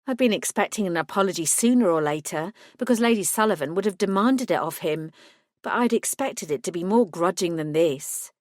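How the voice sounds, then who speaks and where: A woman's voice: on the low side, animated, fairly quick, dry recording, studio quality. A woman reading a first-person audiobook in a scripted narration style, voicing each character with small shifts.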